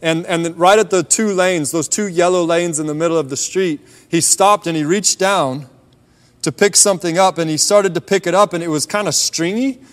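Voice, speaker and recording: A man's voice: high-pitched, moderate pace. Man preaching in a reverberant hall. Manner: relaxed storytelling, drops softer on key points. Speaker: preacher sharing a testimony. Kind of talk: conversational sermon testimony.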